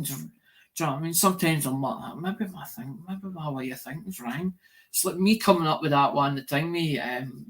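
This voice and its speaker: A man hosting a livestream, talking in a rambling, repetitive way, swearing often and losing track of his words. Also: fairly high pitch. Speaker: livestream host. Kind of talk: rambling casual livestream chat.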